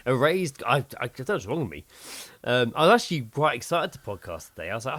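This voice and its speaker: A man's voice: medium pitch, fast. A man co-hosting a podcast in casual chat, tired and laughing often. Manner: animated, laughing, self-mocking. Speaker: podcast co-host.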